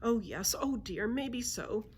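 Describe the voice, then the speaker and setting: A woman voicing a clumsy, anxious male griffin who keeps apologizing in high squawks. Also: slow, darkish tone, slight background noise. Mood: fretful. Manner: high squawking fretful exclamations.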